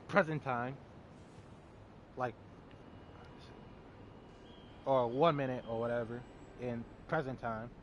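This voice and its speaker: A man's voice: mid-range voice, a little hiss or hum. A man recapping a film's plot in a loose, rambling way, with lots of fillers and some swearing. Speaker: movie reviewer. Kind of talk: casual spoiler recap.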